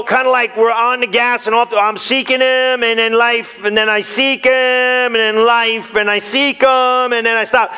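A man preaching with a high, bright and keen voice. He is animated and casual, throws in slang, and talks straight to his listeners in a sermon. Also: clean tone. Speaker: pastor.

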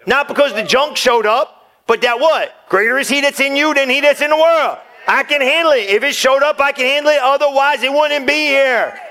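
A man preaching a sermon as a pastor, animated and casual, with slang and direct appeals to his listeners. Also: very high-pitched, normal speed. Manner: animated, casual slang, talks straight to the crowd.

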